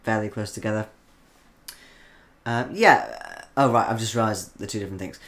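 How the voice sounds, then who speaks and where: A man's voice: on the low side, normal speed, fairly bright tone. A man from the Isle of Man hosting a live stream, chatting casually and reading out viewer comments, rambling with frequent ums. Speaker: livestream host reading chat.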